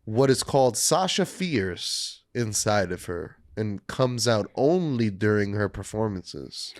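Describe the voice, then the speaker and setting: A man co-hosting a podcast in casual chat, with a wry, drawn-out delivery. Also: on the low side, expressive, no echo, clean studio sound. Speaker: podcast co-host.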